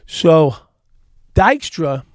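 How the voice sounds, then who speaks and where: A middle-aged man hosting a casual talk show, telling profane, animated stories and acting out the quotes. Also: a little high, very slow, no echo, clean studio sound. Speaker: podcast host. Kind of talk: casual storytelling chat.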